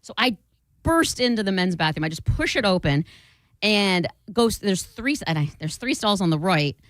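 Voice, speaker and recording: Woman, radio co-host, animated storyteller, dry close studio mic. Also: moderate pace, dry recording. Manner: animated storyteller, acting out quotes with big pitch jumps. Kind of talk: casual radio banter, telling a story. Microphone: studio microphone.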